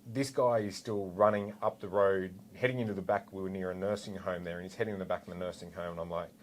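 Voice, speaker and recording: A man in his forties with an Australian accent, a former police officer telling a story in a relaxed, animated way with lots of asides. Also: low voice, fast talker, a little hiss or hum. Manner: animated, rambling with fillers and asides. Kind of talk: casual storytelling anecdote.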